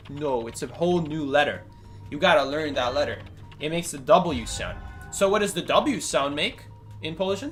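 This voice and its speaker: A man's voice: high voice, normal speed, soft background music. A man commentating his own gameplay live, joking and talking to his chat. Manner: animated, joking, talks to chat. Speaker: gaming streamer.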